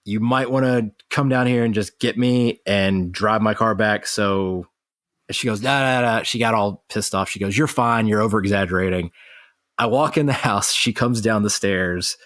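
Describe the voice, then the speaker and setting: An American man co-hosting a podcast, retelling an accident in a brisk, animated way, quoting what everyone said. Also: fairly low pitch, no echo, clean studio sound. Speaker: podcast co-host. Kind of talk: casual storytelling chat.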